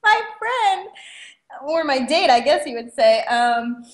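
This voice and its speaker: A young adult woman with a slightly high voice, chatting animatedly as a guest on an interview show. She laughs often as she talks. The room gives her voice a clear echo. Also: sing-song, takes it slowly. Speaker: guest author. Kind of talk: casual interview storytelling. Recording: roomy echo.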